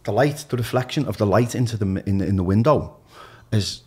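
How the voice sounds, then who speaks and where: A man's voice: fairly low pitch, a little fast, darkish tone, breathy edge. A man with a Liverpool accent, a DJ telling frank stories as a podcast guest, swearing freely and restarting his sentences. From Liverpool, England. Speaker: DJ and radio presenter, podcast guest. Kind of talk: candid storytelling in conversation.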